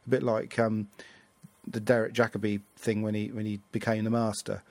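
A man's voice: fairly low pitch, level tone, moderate pace, darkish tone, no room sound. A man hosting a casual review chat, rambling and hesitant with many fillers. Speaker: podcast host.

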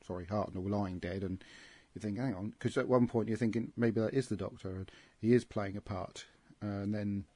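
A low-pitched man from England talks through his review in a casual panel chat. His voice is husky and a little breathy, and the sound is dry and close. He rambles, with frequent ums and restarts. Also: fairly even intonation, normal speed, warm tone, no echo. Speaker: podcast host.

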